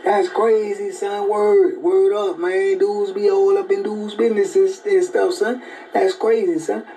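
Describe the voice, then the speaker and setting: A man's voice: sits high, lively intonation, measured pace, gravelly, warm tone, a little hiss or hum, pitched above the performer's own voice, heavily acted, poor audio. A man voicing a cocky young male New York inmate who ends nearly every phrase with "son". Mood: hyped. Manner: repeats "son" and "word" after every phrase.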